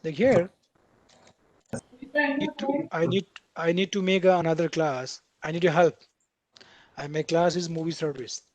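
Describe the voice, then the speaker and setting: A programming instructor teaches a live online coding class in a somewhat high, mellow voice, unhurried and pausing often. He's chatty, keeps checking in with "right?", and acts out what the code editor says, on a dry recording.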